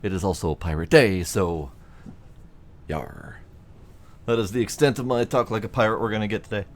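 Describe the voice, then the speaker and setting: Low-voiced man doing playful game commentary. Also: quick pace. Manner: playful, rambling, thinks aloud with fillers. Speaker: gaming video host. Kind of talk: casual let's-play commentary.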